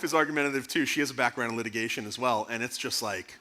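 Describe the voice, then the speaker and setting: A man speaking as guest speaker at a church conference, answering audience questions in an earnest, animated way. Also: mid-range voice, rapid-fire, few pauses. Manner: earnest, animated, rising to emphatic bursts. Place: church sanctuary.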